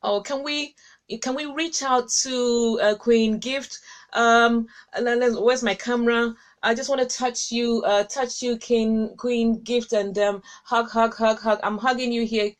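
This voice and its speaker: A woman hosting a live stream, chatting casually with viewers in an effusive, affectionate way, laughing often and leaping up in pitch. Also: fairly even intonation, measured pace. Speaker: host of a live-streamed encouragement session.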